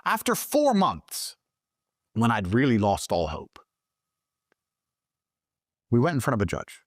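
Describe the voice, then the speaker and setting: Male guest, mid-range voice, dry close mic, swears freely and tells his story with animated, rising emphasis. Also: slow pace, no echo. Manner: voice jumps higher when excited. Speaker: interview guest. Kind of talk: profane storytelling in conversation.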